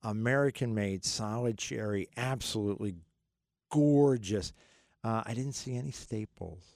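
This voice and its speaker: A man's voice: on the low side, a little slow, gravelly, a little mellow, dry recording, clean studio sound. A middle-aged man hosting a call-in radio show about money, talking in a rambling, joking way with many fillers and restarts. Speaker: radio finance show host. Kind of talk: casual call-in radio talk.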